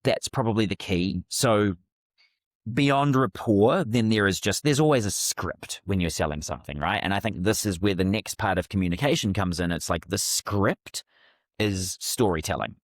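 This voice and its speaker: A middle-aged man talks through his sales experiences as an interview guest. His voice sits low, and he tells stories with animation, often circling back to restart a phrase. The sound is close and dry. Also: lively intonation, moderate pace, no room sound. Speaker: podcast guest, communication coach. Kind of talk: casual interview storytelling.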